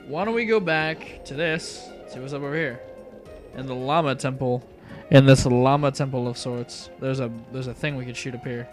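A young man gives casual, rambling commentary while playing a video game, often trailing off into mutters. He has a mid-range voice and a moderate pace, with soft music in the background.

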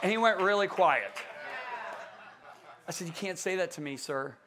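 A man in his sixties preaching a passionate conference sermon, repeating words in bursts and swinging from hushed to loud. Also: sits high, expressive, normal speed, noisy background. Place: large church conference stage.

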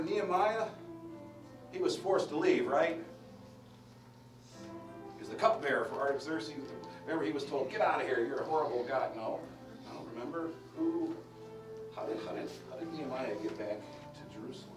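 A man preaching a Bible study sermon, lively and emphatic, asking the congregation questions and restarting his sentences. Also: a little high, normal speed, music in the background. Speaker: pastor teaching a Bible study. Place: church hall. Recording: roomy live-stream audio from a distance.

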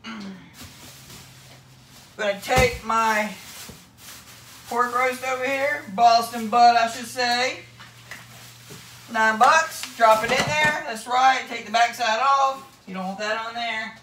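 Man, Southern US accent, rowdy crude joker, bright voice, cooking vlog host, echoey kitchen, off-mic. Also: very high-pitched, slow pace, pauses often, slight background noise. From Florida, US. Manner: rowdy, crude joking, repeats "that's right, folks". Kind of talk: casual home cooking vlog. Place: home kitchen.

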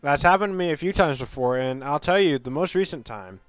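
A man hosting a game stream, chatting casually and telling rambling, animated stories. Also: fairly high pitch, a little fast, no room sound, soft background music. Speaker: streamer host. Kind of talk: casual gaming chat.

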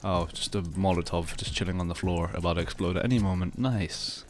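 A young man giving casual, sarcastic commentary on his own gameplay, just woken up and low on energy, tacking "bro" onto everything. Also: steady tone, brisk, soft background music. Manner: sarcastic, exasperated, says "bro" constantly. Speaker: gaming video creator.

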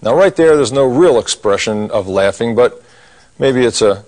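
A man's voice: mid-range voice, lively intonation, moderate pace, darkish tone. A middle-aged man teaching a cartoon drawing lesson, talking through each step as he draws and cracking corny jokes. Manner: folksy, corny jokes, talks while drawing. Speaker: drawing instructor.

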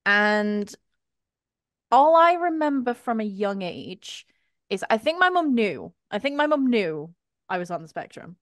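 A chatty British woman hosts a podcast in a casual, giggly way. Her pitch sits in a middle range. The sound is dry and close. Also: sing-song, a little slow, fairly bright tone, no echo. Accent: British English. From England. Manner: chatty, giggly, reads from notes. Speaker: podcast host. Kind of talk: casual group chat.

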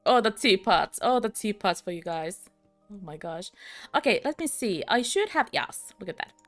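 A woman's voice: mid-range voice, lively intonation, moderate pace, fairly bright tone, soft background music. A young British woman streaming a game, chatting with viewers, giggling often and poking fun at herself. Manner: giggly, laughs often, chatty and self-mocking. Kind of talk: live-stream game commentary.

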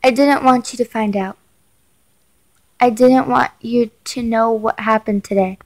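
A woman's voice: on the high side, fairly even intonation, unhurried. A woman reading as a firm, secretive mother. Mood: tense. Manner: firm, urging caution. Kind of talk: reading a chat story aloud.

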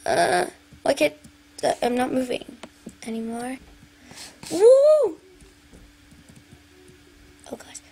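High-voiced young woman playing a game. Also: lively intonation, normal speed, pauses often, a little mellow, slightly rough. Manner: chatty, sings along to pop songs, talks to viewers. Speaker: gaming video maker. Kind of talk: casual gameplay commentary.

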